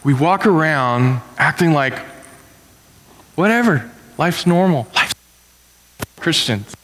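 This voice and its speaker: A man's voice: slow, a little hiss or hum. Man preaching in a reverberant church. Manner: conversational storytelling, animated with sudden pitch jumps. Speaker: pastor. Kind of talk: sermon. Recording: long reverb of a church hall.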